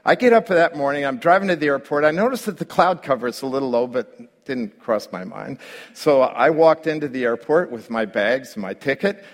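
A middle-aged man, a pastor, telling a story in a sermon with lively delivery that climbs and grows louder when he relives his own panic. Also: mid-range voice, moderate pace. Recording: long hall reverb.

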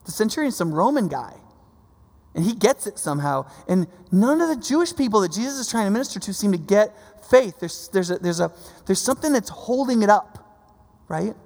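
High-voiced gravelly man preaching casually. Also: very animated, a little fast, a little mellow, big-room sound. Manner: casual, checks in with "right?". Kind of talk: conversational Bible teaching.

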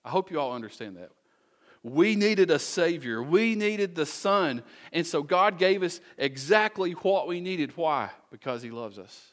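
A man's voice: a little high, animated, measured pace, a bit bright. A man preaching a conversational sermon, asking rhetorical questions and making folksy asides to the congregation. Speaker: pastor.

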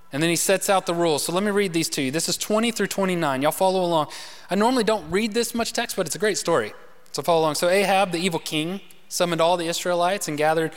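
High-voiced preacher man in echoing hall. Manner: animated storytelling preacher, dramatic shifts to hushed voice. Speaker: pastor. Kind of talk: sermon. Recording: long hall reverb.

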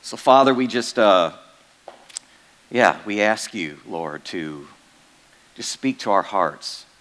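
A man's voice: on the low side, expressive, takes it slowly, a bit bright. A male pastor giving a sermon in a casual, joking way, full of fillers and asides to the congregation. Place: church.

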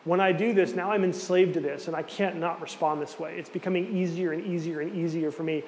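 A man's voice: a little high, fairly even intonation, a little fast, darkish tone. A man giving a casual, conversational teaching talk with many fillers and asides. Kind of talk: sermon-style teaching talk. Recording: hall reverb with faint background noise.

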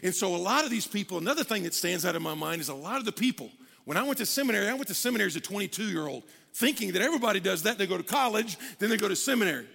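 A middle-aged pastor preaches with lively, conversational energy, often slipping into the voices of people praying. His voice sits high and bright, with heavy gravel and fry. The sound carries the long reverb of a large hall. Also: rapid-fire. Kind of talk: sermon.

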